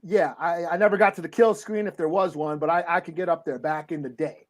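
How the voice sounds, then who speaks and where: A man with a steady, somewhat high voice co-hosts a comic book podcast, talking fairly quickly. In casual chat, he tells stories in a laid-back way and laughs often.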